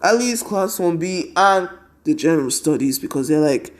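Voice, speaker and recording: A man's voice: fairly high pitch, lively intonation, normal speed. A tired young man casually narrating a fan story, rambling with constant 'and then' and 'he's like'.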